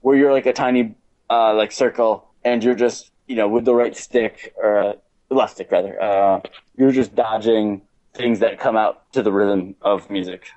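A man's voice: on the low side, steady tone, normal speed, a little mellow, dull audio. A man chatting casually about video games on a podcast, rambling with lots of fillers and restarts.

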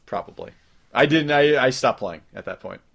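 A man co-hosting a casual gaming podcast, talking loosely with plenty of swearing and quick interjections. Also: medium pitch, lively intonation, vocal fry, fairly bright tone. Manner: loose, profane, quick to jump in. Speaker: podcast co-host.

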